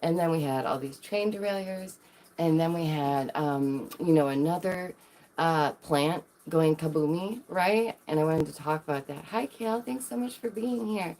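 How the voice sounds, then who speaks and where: A woman's voice: low-pitched, moderate pace, a little mellow, a little hiss or hum. A woman streaming live, chatting casually to her viewers in a rambling way, with lots of fillers and restarts.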